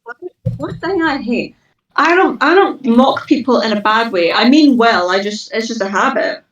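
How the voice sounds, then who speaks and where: A woman's voice: fairly high pitch, expressive, normal speed. A teenage girl, rambling and giggling through a casual chat as co-host. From Scotland. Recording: roomy, distant, dull mic.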